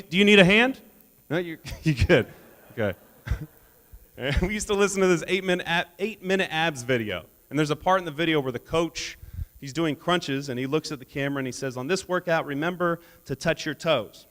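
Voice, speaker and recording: A man's voice: on the high side, fairly bright tone. A man giving a motivational keynote speech, telling stories with humor and laughing at his own jokes. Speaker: keynote speaker. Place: conference hall stage. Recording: long reverb of a large hall.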